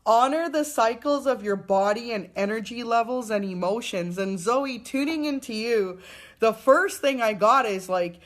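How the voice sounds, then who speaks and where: A woman, a young adult mother, gives a live spiritual card reading to viewers in a gentle, affirming way, with many fillers and restarts. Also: medium pitch.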